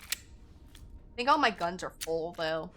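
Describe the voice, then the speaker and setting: Chatty woman streamer, bright and lively. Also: lowish voice, slow, a little hiss or hum. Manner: chatty, self-correcting, swears casually. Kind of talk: casual gameplay commentary.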